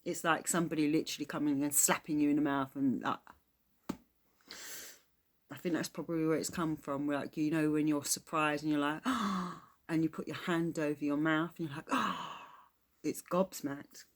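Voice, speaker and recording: Low-voiced English woman explaining slang. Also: flat delivery. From England. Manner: chatty, explains slang with quick laughs. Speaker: reaction video host. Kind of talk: casual reaction commentary.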